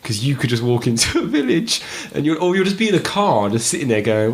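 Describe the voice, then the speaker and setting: A man's voice: fairly high pitch, very animated, fast talker, hardly any pauses. A man co-hosting a podcast, chatting casually about video games and often laughing through his own anecdotes. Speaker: podcast co-host.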